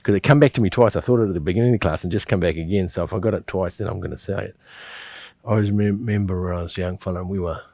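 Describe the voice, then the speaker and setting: A middle-aged man leads a qigong class in a lowish voice. He rambles through stories, chuckles often and restarts his sentences. The sound is dry and close, with no room echo. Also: very fast, dark tone. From New Zealand. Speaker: qigong teacher. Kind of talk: instructional class with personal storytelling.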